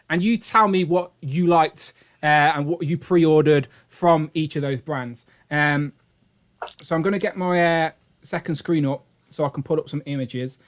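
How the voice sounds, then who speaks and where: High-voiced, chatty British man hosting a stream. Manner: chatty and upbeat, often laughing. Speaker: live stream host. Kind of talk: casual live stream chat. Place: home streaming setup.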